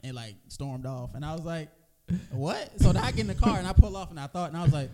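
A man co-hosting a casual comedy podcast, with a fairly high voice and a mellow, darker tone. He tells his stories in a laid-back way, dropping dry quips and casual swearing. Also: fast. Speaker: podcast co-host.

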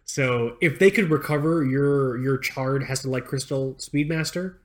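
A young adult man co-hosting a podcast in casual chat, animated, swearing freely and restarting his sentences as he rambles. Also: medium pitch, a little slow. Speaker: podcast co-host.

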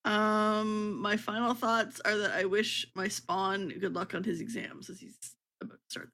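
A woman chatting on a gaming podcast. Her voice is bright and a little sharp, and she talks in a playful, joking way. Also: mid-range voice, level tone, unhurried, gravelly. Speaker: podcast co-host. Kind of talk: casual gaming chat.

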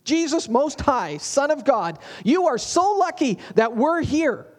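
A man's voice: very high-pitched, very animated, a little slow, pitched above the performer's own voice, heavily acted. A man voicing an eager, impulsive male disciple who boasts and blurts without being asked. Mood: eager, boastful. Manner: boastful, overeager.

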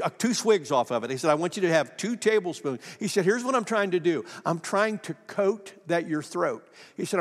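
A middle-aged man preaching from the pulpit, his voice riding high and carrying through the long reverb of a church sanctuary. He tells his story folksily, pokes fun at himself and slips into the voices of the people he quotes, still nursing a lingering cough. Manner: folksy, self-deprecating, acts out quoted dialogue. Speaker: pastor. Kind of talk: sermon with personal storytelling.

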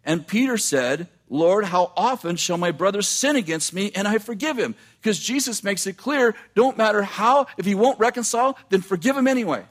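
A man preaching a sermon, reading scripture aloud and breaking off into quick, animated asides to the congregation. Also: high voice.

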